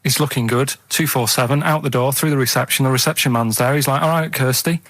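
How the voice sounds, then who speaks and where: A man from Manchester telling a rambling story on a radio show, halting and tacking "right?" onto his sentences. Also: medium pitch, fairly even intonation, a bit bright, no room sound. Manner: meandering, halting, keeps adding "right?". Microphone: studio microphone.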